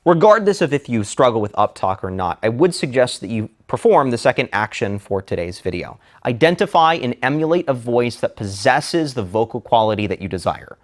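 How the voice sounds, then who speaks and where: Measured male speaking instructor. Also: mid-range voice, very animated. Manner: measured, deliberate delivery with slow emphatic phrases. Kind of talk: scripted lecture.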